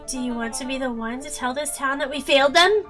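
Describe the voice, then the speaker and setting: A woman reading a pompous, stern male boss in a game, speaking in a slow, condescending way. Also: high-pitched, a bit bright, soft background music. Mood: haughty. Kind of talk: reading a game's dialogue aloud.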